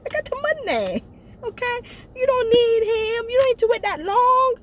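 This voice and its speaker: A woman putting on the voice of a boastful man who brags about his money, talking high and showy while she retells a movie. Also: big pitch swings, normal speed. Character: smooth-talking male lover boasting of money.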